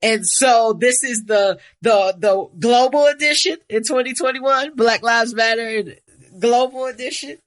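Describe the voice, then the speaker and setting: A woman's voice: on the high side, a little slow. A woman co-hosting a podcast in casual, profane chat, blunt and rambling. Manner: blunt, rambling, swears freely. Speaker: podcast co-host.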